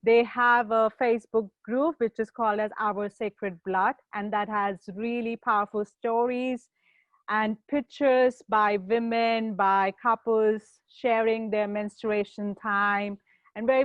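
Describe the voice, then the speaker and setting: A woman's voice: on the high side, steady tone, unhurried, dry recording. A woman hosting a live question session, reading out viewer questions in a hesitant way with many fillers. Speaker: host. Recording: tinny phone-like line.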